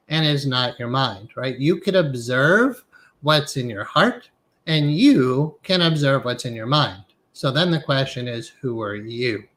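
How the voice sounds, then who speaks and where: A middle-aged man who teaches hypnotherapy gives a reflective spiritual lecture over a live stream. His voice is medium-pitched and fairly bright. He keeps checking in with "right?" and guides listeners through inner exercises.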